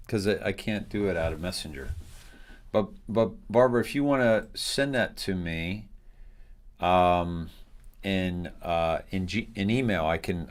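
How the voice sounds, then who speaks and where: Guy hosting a live show, kinda low voice, lots of ums and restarts. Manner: rambling, halting with many fillers. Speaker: host.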